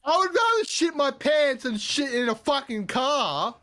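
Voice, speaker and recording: Joking man in lively banter. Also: extremely high pitch, a little slow. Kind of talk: casual chat.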